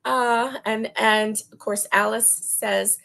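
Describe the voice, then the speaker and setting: Slow gushing woman with a gravelly voice. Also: a little high, steady tone, a bit bright. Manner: gushing, slow and chatty, laughs often. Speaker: host. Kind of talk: casual chat showing yarn.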